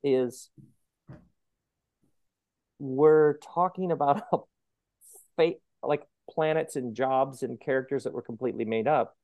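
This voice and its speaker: A man's voice: medium pitch, slow pace, long pauses, no echo, muffled recording. Man talking animatedly in a dry room. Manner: animated, acts out quoted voices. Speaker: author guest. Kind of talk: conversational interview.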